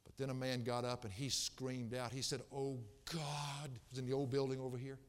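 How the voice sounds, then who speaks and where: A man's voice: mid-range voice, flat delivery, fast talker, clear, resonant tone. Impassioned preacher man in an echoey hall. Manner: impassioned preaching with wide swings in volume. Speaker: pastor. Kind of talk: sermon.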